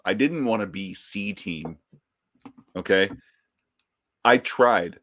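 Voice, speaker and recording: A man with a lowish voice chats casually as a podcast co-host. He is wry and quick with a joke, and his talk is loose and offhand. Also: a bit bright, slight background noise. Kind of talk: casual chat.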